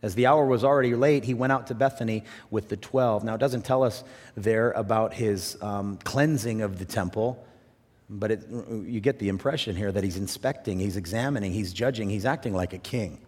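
A man pastor preaching a sermon with passion, swinging from loud, rising bursts to quiet, low drops. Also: moderate pace. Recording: long reverb in a large hall.

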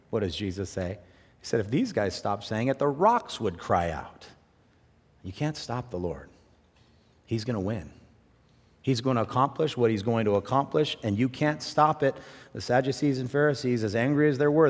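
A man pastor preaching a sermon with passion, swinging from loud, rising bursts to quiet, low drops. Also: expressive, normal speed. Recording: long reverb in a large hall.

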